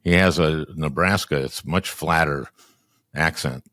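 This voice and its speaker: Low-voiced older man, wry and halting. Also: dry recording, clean studio sound. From Minnesota, US. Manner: wry, halting with restarts, drops voice low and soft. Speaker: podcast guest, former senator and comedian. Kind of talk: casual political chat.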